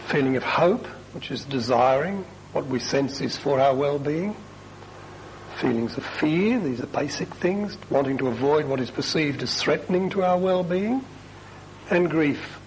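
Priest guy giving a talk, chatty, keeps throwing in asides, a bit higher voice, faint hum of the room behind. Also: a little mellow, poor audio. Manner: chatty, self-deprecating, emphatic asides. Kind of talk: talk to a parish group.

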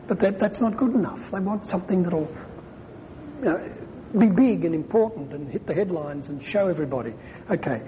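A man gives a chatty sermon, explaining scripture as he thinks it through and often restarting his sentences. His voice sits a little high for a man and sounds mellow and dark. The hall has a long echo and a faint rumble underneath. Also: lively intonation, moderate pace. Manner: conversational, thinks aloud with restarts. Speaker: preacher.

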